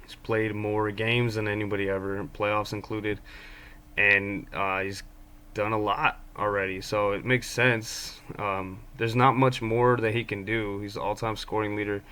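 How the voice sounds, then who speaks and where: Smooth low-voiced man talking basketball. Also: flat delivery, measured pace, sharp tone. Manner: rambling, lots of ums and restarts; fan talking about his own team. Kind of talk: casual basketball commentary.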